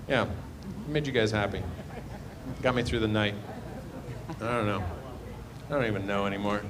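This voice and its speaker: A man's voice: fairly low pitch, normal speed, long pauses, a bit bright. A man doing live stand-up crowd work, rambling and self-deprecating, often trailing off. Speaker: stand-up comedian. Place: live comedy show.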